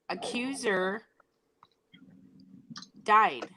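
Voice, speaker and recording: A woman with a raspy voice, chatting casually in an online group voice chat and asking the chat for opinions. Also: mid-range voice, animated, normal speed, pushed and bright, slight background noise, low-quality recording.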